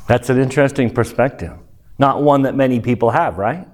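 A man's voice: mid-range voice, brisk. A man leading a class discussion of a book, reading aloud and asking the group questions. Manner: questioning, animated.

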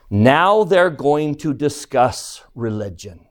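A man's voice: mid-range voice, animated, measured pace, few pauses. A man teaching a religion class, lecturing on scripture and posing questions to his listeners as he retells the story.

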